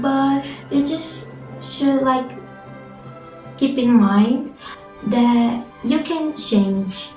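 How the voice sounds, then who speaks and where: A teenage girl chats slowly in a fairly high voice, filling her sentences with "like" and "um" as she answers questions. She sits back from the mic in an echoey room. Soft music plays faintly underneath. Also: distant mic. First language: Portuguese. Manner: chatty, frequent fillers, self-correcting. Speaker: vlogger. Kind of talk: casual Q&A vlog.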